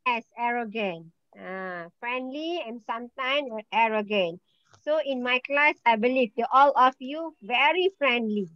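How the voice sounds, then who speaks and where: A woman's voice: a little high, animated, a little slow, no echo, muffled recording. A woman with a Malaysian accent teaching English in an online class, patiently repeating words and calling names. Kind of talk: online class roll call and vocabulary quiz.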